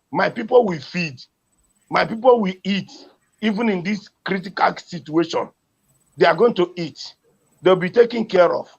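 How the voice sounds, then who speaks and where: Impassioned Nigerian man, gravelly and husky. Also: high-pitched, a bit bright. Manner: pleading, repetitive, emotional. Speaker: community advocate. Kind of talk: impassioned appeal.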